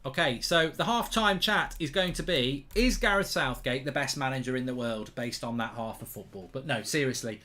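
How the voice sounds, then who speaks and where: A man hosting a live football watchalong, reading chat messages and reacting excitedly to goals. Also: mid-range voice, moderate pace, few pauses. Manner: excitable, bursts out loud when goals go in.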